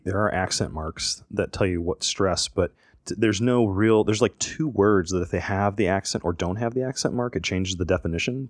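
A man in a casual podcast chat, easygoing and thinking out loud. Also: low voice, no room sound, clean studio sound. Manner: chatty, easygoing, thinks aloud.

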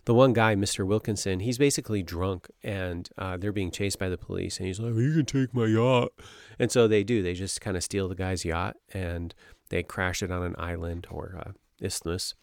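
Low-voiced man animatedly retelling a novel. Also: moderate pace, gravelly, few pauses, no echo. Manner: rambling, animated summarizing with filler words. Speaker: book club member. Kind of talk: casual book discussion.

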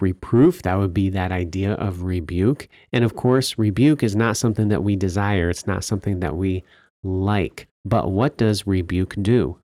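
A man's voice: low-pitched, moderate pace, darkish tone, no room sound, studio quality. A man co-hosting a podcast, explaining Bible verses with emphatic rhetorical questions. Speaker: podcast co-host teaching scripture. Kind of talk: teaching podcast discussion.

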